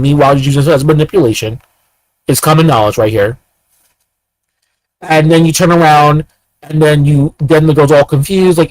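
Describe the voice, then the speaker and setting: A man with a somewhat high voice launches into an angry, profane monologue. He talks fast and repeats himself. The sound is dry and close to the mic. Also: no echo, poor audio. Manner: angry, profane, rapid rant. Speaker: host. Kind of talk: ranting monologue.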